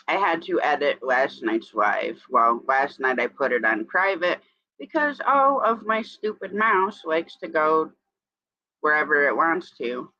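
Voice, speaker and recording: A man's voice: fairly high pitch, big pitch swings, unhurried, bright, forceful tone, no echo, muffled recording. A man from New York with an upstate New York accent, hosting a casual morning live stream and chatting in a rambling way while greeting viewers.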